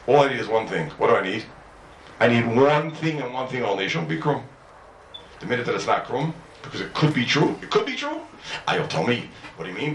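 A man's voice: mid-range voice, creaky, a bit bright, a little hiss or hum. A man leads a Talmud lesson and throws rhetorical questions at his class. His voice swoops up and down as he argues each point. It rings in a roomy hall, picked up from some distance away. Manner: mixes English with Hebrew and Aramaic study terms. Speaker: Talmud teacher. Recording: roomy echo, mic at a distance.

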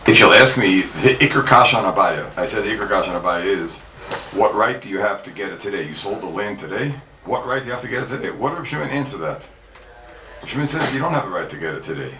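A man with a somewhat low, gravelly voice lectures on Talmud like a rabbi before his congregation. He hammers his points home, repeating them and firing questions he answers himself. He is recorded from a distance in an echoey hall, with faint background noise. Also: expressive, quick pace.

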